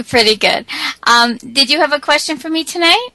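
Woman psychic reading for a caller, bright highish voice, dry sound, repeats herself a lot. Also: animated, normal speed, no room sound, low-quality recording. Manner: hesitant, repeats words, gentle. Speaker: psychic reader.

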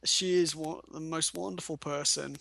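Gentle man, slightly high voice. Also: steady tone, normal speed, vocal fry, no room sound. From United Kingdom. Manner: gentle, reassuring, enthusiastic about people. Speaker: guest advisor, reader. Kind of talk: casual chat.

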